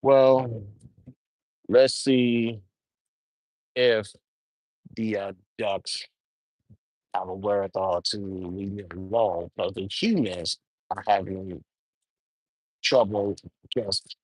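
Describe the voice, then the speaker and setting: A man's voice: on the low side, steady tone, slow pace, pauses often, a little mellow, no room sound. A man chatting casually on a live stream outdoors at a zoo, wry and grumbling as he talks to himself. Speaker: livestreamer.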